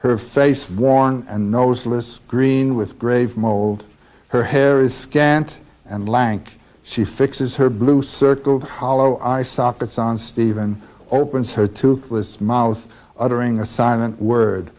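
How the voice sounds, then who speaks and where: Slow, halting male literature lecturer. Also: medium pitch, steady tone, a little mellow. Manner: slow and halting with frequent fillers. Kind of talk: lecture on a novel.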